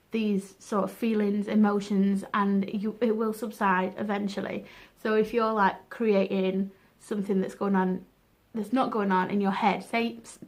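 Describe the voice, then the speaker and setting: A young woman giving frank, chatty advice in a casual vlog, laughing at herself now and then. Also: medium pitch. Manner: chatty, frank, self-deprecating. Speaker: vlogger.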